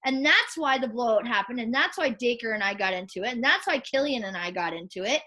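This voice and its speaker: A woman with a high voice talks on a video call. She is blunt, swears often and acts out other people's words as she tells the story. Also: lively intonation, brisk, bright, forceful tone. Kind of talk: heated casual chat.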